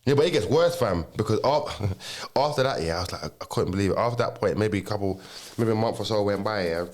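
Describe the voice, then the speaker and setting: A man's voice: lowish voice, fast. A young man telling a story in casual chat, swearing often and acting out what people said in a raised voice. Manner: animated, swears a lot, acts out quotes in a raised voice. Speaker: podcast co-host.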